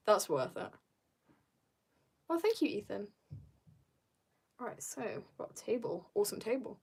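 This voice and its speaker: A woman's voice: mid-range voice, sing-song, normal speed, creaky, breathy edge. Teenage girl, livestream streamer, casual rambling chat, self-mocking, giggly. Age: teens.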